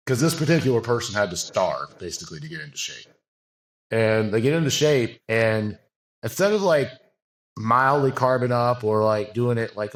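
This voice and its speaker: A man talking as a podcast guest, telling a frank, rambling story full of fillers and restarts. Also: medium pitch. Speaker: podcast guest, bodybuilding coach. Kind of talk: casual interview talk.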